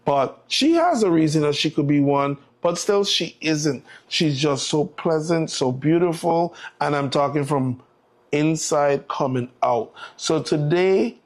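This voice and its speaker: A man with a Virgin Islands lilt closes out his live morning show in an encouraging, preachy tone. His voice sits a little high for a man, and he talks in the easy, upbeat way of a show host. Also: animated, measured pace. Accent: Virgin Islands English. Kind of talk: live show sign-off monologue.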